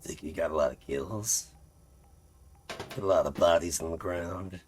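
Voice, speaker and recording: A man putting on the voice of a gruff, deep-voiced tough guy, with a low, gravelly growl. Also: a little slow, darkish tone, a little hiss or hum.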